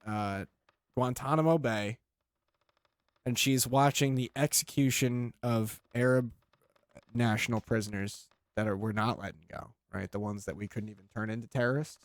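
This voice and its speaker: A man hosting a comedy podcast, chatting casually and riffing on jokes with quick tangents. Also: mid-range voice, no echo. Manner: rambling, joking, quick tangents. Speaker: podcast host.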